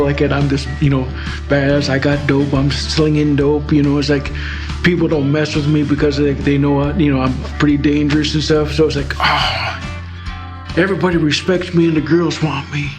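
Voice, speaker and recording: Middle-aged man from Alaska, interview guest, rambling personal testimony, slightly high voice. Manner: rambling storytelling with many fillers.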